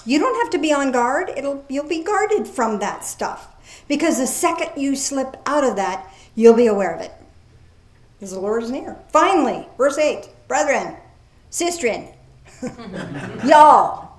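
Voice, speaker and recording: A woman preaching a sermon in a lively, folksy way, reading scripture aloud slowly and commenting with casual asides. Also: sits high. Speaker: pastor. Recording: echoey room.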